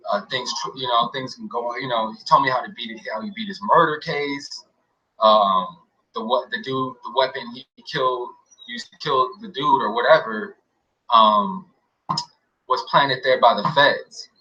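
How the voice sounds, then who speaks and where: A man tells a personal story in a loose, rambling way, full of fillers and quiet trailing asides. His voice is bright. The recording sounds dull and lo-fi. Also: moderate pace. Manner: rambling, many fillers, often drops to a quiet low mumble. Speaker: interviewee recounting an experience. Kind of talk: casual storytelling. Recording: dull lo-fi audio.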